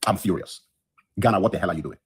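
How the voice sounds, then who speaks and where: A podcast host who just woke up delivers a heated solo livestream rant into his phone in his bedroom. He talks at a quick pace in a deep, slightly rough voice, sounding indignant and emphatic and repeating lines for effect.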